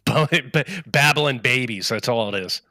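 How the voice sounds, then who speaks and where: A man's voice: mid-range voice, a little slow, sharp tone, no echo, studio quality. A man from Rhode Island, co-hosting a chat show with crude, scornful remarks. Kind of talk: casual live-stream chat.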